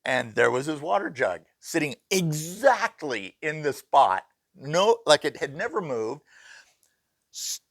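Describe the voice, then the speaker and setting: Gravelly man telling ghost stories. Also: mid-range voice, no echo, clean studio sound. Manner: animated, acts out quoted voices. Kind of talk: casual storytelling.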